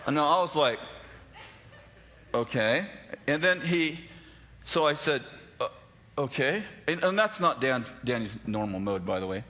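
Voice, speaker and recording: A man's voice: medium pitch, expressive, a little slow, pauses often, sharp tone. A man telling a personal story in a sermon, self-deprecating, acting out the dialogue with many restarts. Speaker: pastor.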